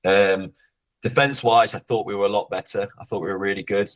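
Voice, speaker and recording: A man's voice: on the low side, steady tone, a little fast, low-quality recording. A man coaching a rugby club, talking through his team in a casual podcast interview with lots of restarts and blunt humour. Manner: reflective, hesitant restarts, blunt swearing when joking.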